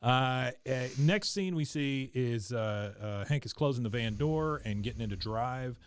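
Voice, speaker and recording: A man's voice: mid-range voice, lively intonation, unhurried, clean tone, dry recording. A man hosting a podcast, casually recapping an episode with lots of filler sounds and chuckles. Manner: rambling, many filler sounds, chuckles often. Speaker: podcast host.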